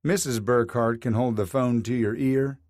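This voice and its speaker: A man voicing a calm federal marshal who speaks in a steady, matter-of-fact way. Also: mid-range voice, normal speed, dry recording, studio quality, lightly acted. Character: calm, dry-humored male federal marshal.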